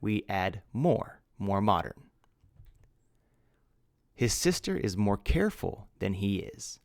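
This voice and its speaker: A man's voice: fairly low pitch, sing-song, slow, vocal fry, darkish tone, no echo, clean studio sound. A man teaching English grammar, patiently spelling out words letter by letter. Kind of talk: slow grammar lesson.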